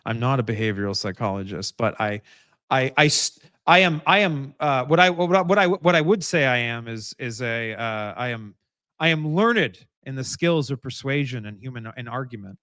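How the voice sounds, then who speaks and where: A man's voice: mid-range voice, expressive, normal speed, bright, forceful tone, no echo, studio quality. A man hosting a live political commentary stream, talking in a rambling way with many restarts and emphatic repeated phrases. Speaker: host.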